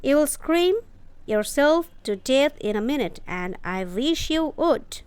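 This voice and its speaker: A woman voicing a bossy, sharp-tongued young girl who scolds and snaps. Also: high-pitched, expressive, takes it slowly. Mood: sharp, scolding. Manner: snappish and scolding.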